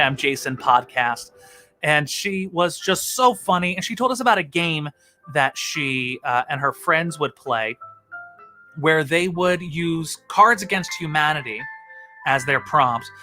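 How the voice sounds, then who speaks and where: A man's voice: on the high side, measured pace, pushed and bright, faint music behind. A man hosting a comedy stream, chatting casually to camera in a rambling, self-mocking way and laughing often.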